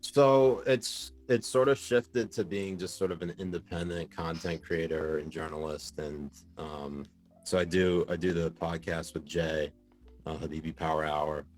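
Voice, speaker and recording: A man with a very deep voice tells stories casually as a podcast guest. He is animated and laughs easily, with plenty of fillers. Faint music plays underneath. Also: unhurried. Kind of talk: casual storytelling in a podcast interview.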